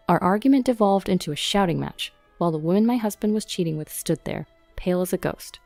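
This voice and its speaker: A woman narrating a first-person story in a steady, matter-of-fact way. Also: lowish voice, quick pace, gravelly, few pauses, dry recording, soft background music.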